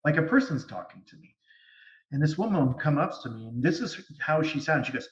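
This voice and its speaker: Man on a call telling a story, kinda high voice, echoey far away dull audio. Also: brisk. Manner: animated, lively storytelling. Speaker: guest medium. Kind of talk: storytelling interview. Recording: distant, echoey, dull sound.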